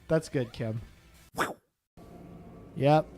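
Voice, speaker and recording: A man's voice: high-pitched, sharp tone, dry recording. Playful, joking young man. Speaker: co-host. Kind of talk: casual gameplay chat.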